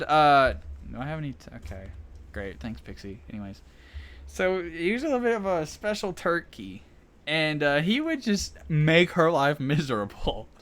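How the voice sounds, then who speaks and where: A man's voice: fairly high pitch, a bit bright. A young man rambling through funny school stories while ranking his teachers. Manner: rambling, laughs often. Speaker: vlogger. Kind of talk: casual storytelling.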